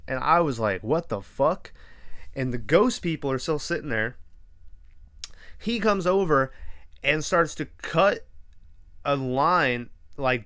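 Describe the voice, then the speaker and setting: A man's voice: on the high side, fairly bright tone, dry recording, clean studio sound. A man hosting a podcast, casually retelling a horror film with lots of swearing and quoted reactions. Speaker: podcast host. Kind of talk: casual movie recap.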